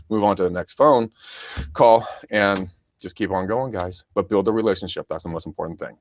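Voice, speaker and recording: A man's voice: fairly low pitch, steady tone, fairly quick, no room sound. A man coaching real estate agents in a casual podcast, chatty and full of restarts. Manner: chatty, stammering, addresses listeners as guys.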